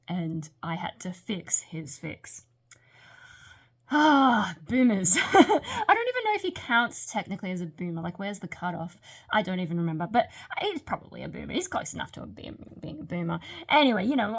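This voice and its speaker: A woman's voice: medium pitch, a bit bright. Rambling woman vlogging late at night. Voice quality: slightly hampered speech from a retainer. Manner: rambling, candid, self-reflective. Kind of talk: late-night vlog monologue.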